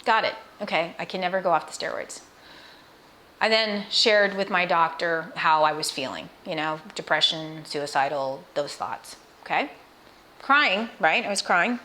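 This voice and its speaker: A woman's voice: fairly low pitch, measured pace, bright, forceful tone, slight background noise. A middle-aged woman speaking personally to camera about her illness in an earnest, emotional, conversational way, with restarts and asides to the viewer. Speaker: cancer patient sharing her experience. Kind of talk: personal vlog talk to camera.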